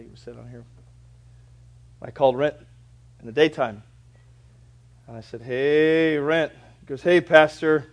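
A male pastor preaching a sermon in a church, moving between loud, fervent proclamation and quiet, conversational storytelling. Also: mid-range voice.

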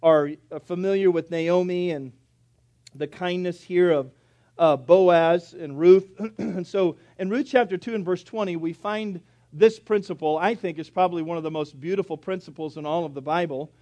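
A man's voice: high-pitched, moderate pace, dark tone. A male pastor preaching a sermon in a church, telling folksy jokes as he goes. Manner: folksy, joking storyteller. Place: church sanctuary.

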